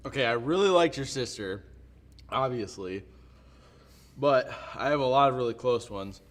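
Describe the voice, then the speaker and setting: A man's voice: mid-range voice, normal speed, slight background noise. A young adult man, a youth pastor, laughing and joking through a casual hot-wing question game. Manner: laughs often, animated and joking.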